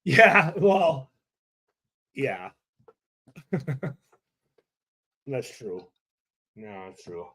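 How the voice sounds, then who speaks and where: A man's voice: mid-range voice, very animated, extremely slow, pauses often, fairly bright tone. A middle-aged man hosting a casual livestream, telling stories with lots of swearing and laughter. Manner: profane, laughing storyteller. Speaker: livestream host, former player.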